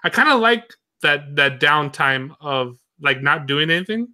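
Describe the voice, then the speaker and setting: A man's voice: on the high side, animated, measured pace, pushed and bright. A young man in casual conversation, talking loosely with lots of fillers and frequent laughter. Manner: rambling, filler-heavy, laughs often. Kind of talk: casual chat.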